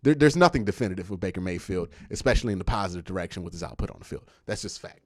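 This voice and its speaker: A man's voice: low voice, animated, racing, no room sound, studio quality. A man giving casual, slangy live-stream commentary, reading chat and ranting. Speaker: streamer reacting to news and chat.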